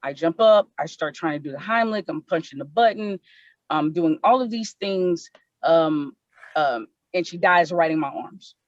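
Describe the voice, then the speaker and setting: A woman's voice: fairly low pitch, expressive, moderate pace, dry recording. Earnest woman telling a personal story. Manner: earnest, repeats herself when moved. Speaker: panel presenter. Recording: dull lo-fi online call audio.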